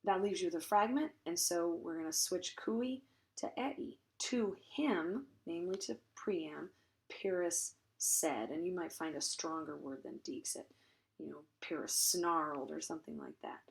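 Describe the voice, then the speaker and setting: A woman's voice: lowish voice, measured pace, gravelly. A woman teaching a translation lesson, explaining grammar step by step with frequent ums, self-corrections and dry, wry asides. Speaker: Latin teacher.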